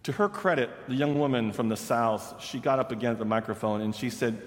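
A man from the Pacific Northwest tells a funny, animated story in a sermon. His voice sits in a middle range. It rings with the long reverb of a large hall. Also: mid-range voice, a little fast, hardly any pauses. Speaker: preacher.

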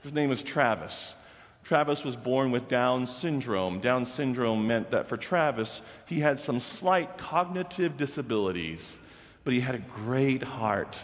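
Male former teacher, mid-pitched, measured storyteller, reverberant hall sound. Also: lively intonation. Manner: measured, reflective, with deliberate slow pauses. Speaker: former middle school teacher. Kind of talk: storytelling talk to an audience.

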